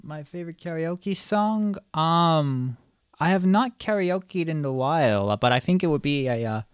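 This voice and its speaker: A man, a stand-up comedian, chatting as a radio guest, hesitant and filling pauses with "um" as he thinks aloud. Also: on the high side, expressive, smooth, no echo, muffled recording. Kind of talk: casual chat.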